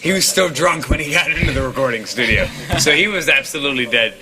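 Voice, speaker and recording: A man's voice: mid-range voice, animated, quick pace, over music. A young man co-hosting a podcast, telling a story in casual, profane, filler-heavy talk and mimicking the people in it. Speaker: podcast co-host. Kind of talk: casual storytelling among friends. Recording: co-hosts laughing in background.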